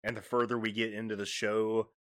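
A man's voice: lowish voice, level tone, fairly quick, a bit bright, clean tone. A man co-hosting a podcast, chatting casually about a TV episode with dry joking asides. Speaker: podcast co-host. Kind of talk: casual chat, recapping a TV episode.

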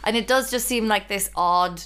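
A woman's voice: mid-range voice, normal speed, a bit bright, clean tone. A woman co-hosting a casual podcast chat, talking chattily with frequent laughs and lots of "like". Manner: chatty, laughs often, full of "like" fillers. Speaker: podcast co-host.

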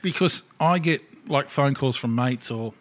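A man's voice: medium pitch, a little slow. A middle-aged man hosting a casual podcast chat, blunt and swearing freely. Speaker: podcast host.

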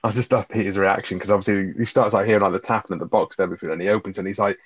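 A man's voice: low voice, fairly even intonation, racing, husky. A man co-hosting a casual film review chat, swearing freely as he retells scenes. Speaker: film review podcast co-host.

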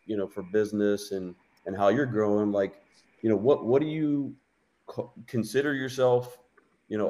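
An easygoing podcast host teases his guest lightly and winds his way through long, rambling questions. His voice sits somewhat low, in a relaxed conversational delivery. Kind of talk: casual interview chat.

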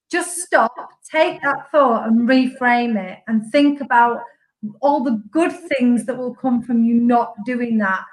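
A woman chats as a podcast guest, her voice sitting high and light. She talks in a jokey, self-mocking way and keeps things casual. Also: slow, poor audio. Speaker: guest, sobriety coach.

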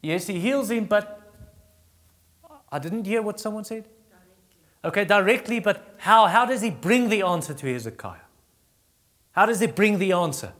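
A man's voice: animated, big-room sound. Man preaching with acted-out voices. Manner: acts out Bible voices in a raised pitch, quiet and slow on comfort; halting restarts while teaching. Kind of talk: sermon.

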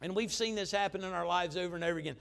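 A pastor tells stories from the pulpit. He has a high voice for a man and preaches emphatically, dropping to a hush and then rising again. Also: very fast, creaky, clear, resonant tone. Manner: emphatic, conversational preaching with swings in volume. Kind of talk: storytelling sermon.

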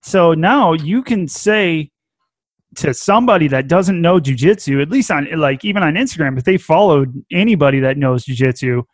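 A man with a Welsh accent in casual podcast chat, animated, laughing often and swearing casually. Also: on the high side, moderate pace, dry recording.

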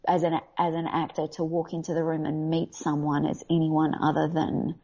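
Australian actress, husky and gravelly, candid and animated, recorded on dull lo-fi audio. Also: female voice, low-pitched. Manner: candid, animated, quick to laugh. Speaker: voice actor guest. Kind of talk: casual interview talk.

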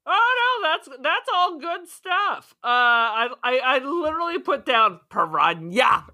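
A woman with a high, very animated voice that rises and falls widely, making playful, sarcastic quips as she co-hosts a podcast. Her tone is bright and sharp, and the talk is a casual review of a horror film. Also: unhurried. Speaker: podcast co-host. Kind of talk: casual movie review chat.

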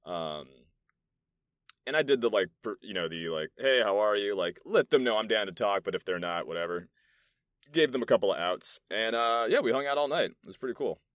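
Animated and a little fast, this podcast host has a voice on the low side. He's a young New Yorker in a soundproof meeting room, rambling and swearing through loose stories packed with fillers in a casual solo monologue, the sound clean, studio-grade and echo-free.

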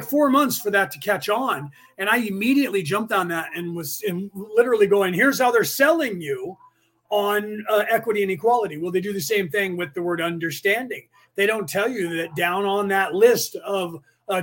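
High-voiced man rambling conspiratorially. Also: fairly bright tone. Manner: rambling, conspiratorial, addresses listeners directly. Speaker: podcast host. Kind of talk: casual live-stream monologue.

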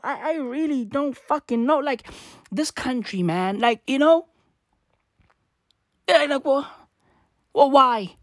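In a sing-song, slightly high voice, a twenty-something South African vlogger takes her time, leaving long pauses as she swears and rants in frustration, repeating her questions to camera. The studio sound is clean, with no room sound.

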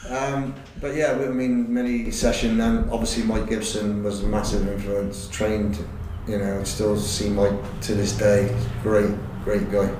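A middle-aged man and former footballer, recalling his career in a halting, rambling way with many fillers. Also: fairly low pitch, completely flat delivery, noisy background. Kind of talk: casual interview chat. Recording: roomy, distant recording.

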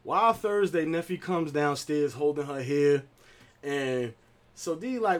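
Animated young New man. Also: on the high side, measured pace. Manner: animated storytelling, acts out voices of family. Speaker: podcast co-host. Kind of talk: casual chat.

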